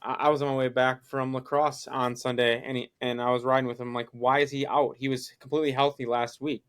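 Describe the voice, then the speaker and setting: A man's voice: medium pitch, flat delivery, quick pace, smooth. A young man co-hosting a casual sports podcast, heated and swearing as he retells conversations with friends. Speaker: podcast co-host.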